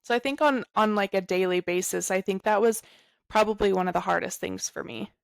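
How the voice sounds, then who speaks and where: A woman guest candidly sharing a personal story, speaking softly and earnestly with frequent "like" fillers. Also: mid-range voice, fairly quick, gravelly, no room sound, studio quality.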